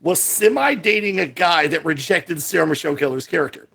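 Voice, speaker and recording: This is a man co-hosting a relaxed movie podcast. His pitch leaps around constantly, from excited highs to muttered lows. The voice has a gravelly, husky texture. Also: a little fast. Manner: animated, jumps between high excited bursts and low asides. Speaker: podcast co-host. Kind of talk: casual movie podcast chat.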